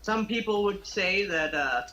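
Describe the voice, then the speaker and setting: A young man co-hosting a casual talk show, relaxed and slangy, saying dude often. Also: sits high, a little slow, dull audio, soft background music. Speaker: podcast co-host. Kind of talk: casual chat.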